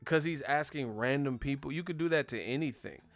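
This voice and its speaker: Faint music plays behind a young man hosting a boxing live stream, his medium-pitched voice a little fast with no room sound. Animated and foul-mouthed, he rants casually and mimics others partway through.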